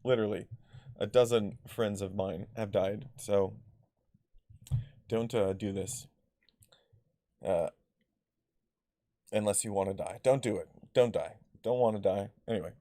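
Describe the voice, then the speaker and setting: A man's voice: fairly low pitch, measured pace, pauses often, mellow, no room sound, clean studio sound. A man vlogging personal stories in a casual, rambling way, full of fillers, restarts and blunt swearing. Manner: rambling, filler-heavy, loses his thread.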